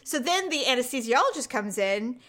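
A woman's voice: high-pitched, big pitch swings, brisk, fairly bright tone. A middle-aged woman co-hosting a podcast, telling candid, graphic stories in casual chat with lots of quoted dialogue. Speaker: podcast co-host.

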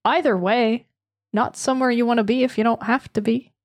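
A woman's voice: on the high side, steady tone, fairly quick, no echo, studio quality. An American woman co-hosting a true-crime podcast, chatting casually with jokey asides. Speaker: podcast co-host.

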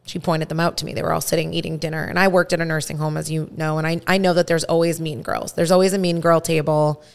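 A woman around thirty telling a story in casual podcast chat, animated and full of "like" fillers. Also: low-pitched, fast, gravelly. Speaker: podcast host.

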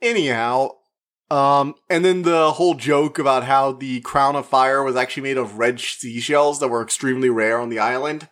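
A man giving a casual, rambling spoken movie review, chatty and full of fillers, who acts out the characters' lines in quick put-on voices. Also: medium pitch, steady tone, fairly bright tone. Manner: rambling, with frequent fillers and restarts. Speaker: media reviewer.

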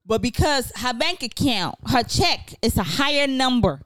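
Animated, expressive woman podcaster. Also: on the high side, moderate pace, no room sound. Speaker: podcast co-host. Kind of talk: casual chat.

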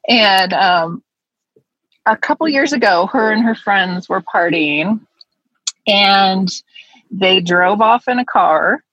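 A woman's voice: medium pitch, animated, slow, long pauses, fairly bright tone, dry recording, lo-fi sound. A woman co-hosting a podcast, telling a story in a rambling, giggly way with lots of fillers. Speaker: podcast co-host. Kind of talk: casual chat, storytelling.

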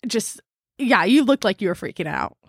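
A woman's voice: medium pitch, moderate pace, breathy edge, no echo. A young woman chatting casually as a guest in a studio, telling stories with lots of laughter and acted-out quotes. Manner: animated storyteller, laughs often, acts out quotes. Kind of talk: casual chat.

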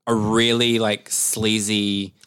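A man's voice: on the low side, flat delivery, slow, a bit bright, clean tone. A man co-hosting a casual movie review chat, rambling with lots of fillers and frequent laughs. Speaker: podcast co-host.

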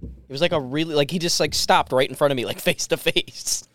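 A man's voice: fairly high pitch, brisk. A man co-hosting a podcast in casual chat, telling stories with crude jokes. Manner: crude jokes, lively storytelling. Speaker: podcast co-host.

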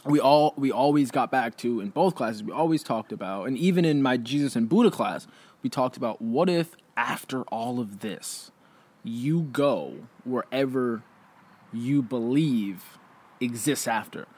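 A man's voice: mid-range voice, darkish tone. A young man hosting a casual conversation, rambling with lots of fillers and restarts.

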